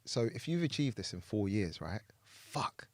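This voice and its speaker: A man hosting a podcast in an animated, jokey way, swearing and laughing easily. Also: on the low side, a little slow, no echo. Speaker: podcast host. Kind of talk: casual chat.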